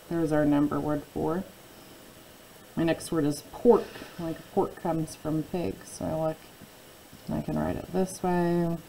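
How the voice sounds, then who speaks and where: Female teacher, low gravelly voice, patient phonics lesson for kids. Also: mellow, slight background noise, low-quality recording. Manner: patient, drawn-out word modeling. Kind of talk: phonics lesson for young children.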